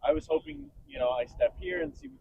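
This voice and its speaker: A man's voice: very high-pitched, wildly swooping pitch, fairly quick, gravelly, darkish tone. A man casually describing how his own fight went. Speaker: fighter being reviewed. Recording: dull lo-fi recording with faint noise.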